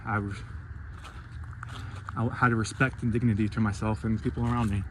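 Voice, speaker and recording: A man's voice: lowish voice, fairly even intonation, brisk, long pauses, pushed and bright, a little hiss or hum. Rambling, cursing man venting in a vlog. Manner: rambling and profane, acting out his own reactions. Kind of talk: casual rant vlog.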